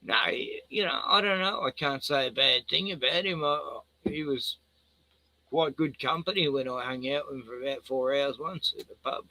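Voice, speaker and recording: A man's voice: medium pitch, moderate pace, pushed and bright, no room sound, rough recording. A middle-aged man with an Australian accent chatting casually, laughing a lot and breaking off to talk to his pets in a playful singsong. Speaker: vlogger. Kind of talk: casual rambling chat.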